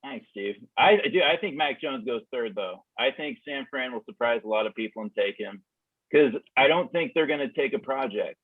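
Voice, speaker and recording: A man on a podcast, talking football in a measured, analytical way. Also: mid-range voice, animated, slightly rough, no echo. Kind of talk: casual sports chat. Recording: tinny phone-like call line.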